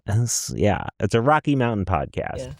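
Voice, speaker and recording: An American man co-hosting a podcast, telling stories in an animated, casual way. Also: mid-range voice, moderate pace, gravelly, no room sound, clean studio sound. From United States. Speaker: podcast co-host. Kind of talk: casual chat.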